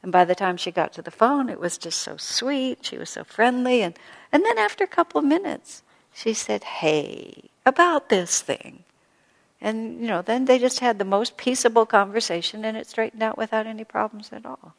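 A woman spiritual teacher giving a gentle storytelling talk to a live audience, full of soft asides. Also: a little high, lively intonation, fairly quick, gravelly. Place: hall with an audience. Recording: long hall reverb.

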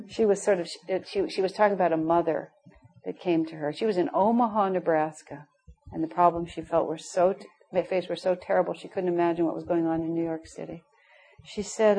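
A woman's voice: deep voice, mellow. A woman giving a spiritual class in an earnest, chatty way, with many "you know" asides. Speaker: spiritual teacher. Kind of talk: conversational class talk.

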